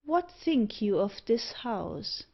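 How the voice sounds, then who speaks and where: A woman voicing a suave, wealthy male tempter with a mocking, devilish air, delivering his lines slowly and deliberately. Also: on the high side, big pitch swings, creaky, full character voice. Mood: coaxing. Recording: dull lo-fi audiobook recording.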